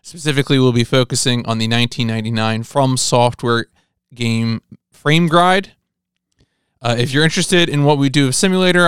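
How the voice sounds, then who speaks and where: A man hosting a podcast, briskly reading show notes and ways to support the show. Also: mid-range voice, a bit bright, smooth, no room sound, studio quality. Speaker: podcast host.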